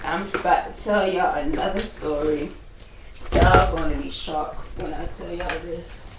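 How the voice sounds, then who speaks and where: Heavy background noise surrounds a young woman's lowish, slightly slow voice. Recording at home on a laptop, the vlogger rambles through a story for her viewers, addressing them directly and repeating herself.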